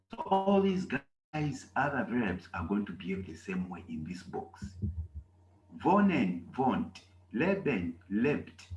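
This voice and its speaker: A man teaching a class at an unhurried pace, drawing out his examples word by word. His pitch swings widely as he stresses each point. The room is echoey, with a faint hiss behind him. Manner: slow, animated teaching with drawn-out examples. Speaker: German language teacher. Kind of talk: classroom lesson.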